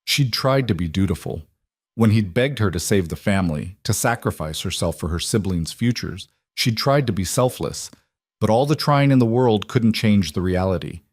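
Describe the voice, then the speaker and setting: A man narrating a scripted romance story in an even, measured way. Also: fairly low pitch, dry recording, studio quality.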